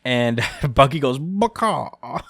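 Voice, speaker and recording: A man's voice: mid-range voice, a little slow, dry recording. A chatty man with a dry, close sound. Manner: rambling and chuckling, many fillers. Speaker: podcast host. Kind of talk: casual chat recapping a manga chapter.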